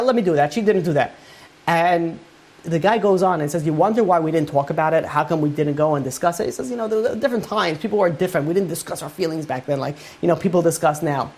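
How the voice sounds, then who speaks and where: A man's voice: sits high, a little mellow. A male rabbi delivering a Torah class in a storytelling manner. He recounts a long tale and quotes its characters as he goes, with loose, conversational phrasing and many "he goes and he says" turns. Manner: retells a story at length with many quoted lines. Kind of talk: storytelling lecture.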